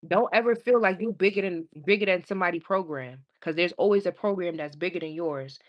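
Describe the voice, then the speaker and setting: A woman's voice: on the low side, brisk, muffled recording. A young woman, a tarot reader chatting casually with her live-stream viewers, laughing often and talking in slang.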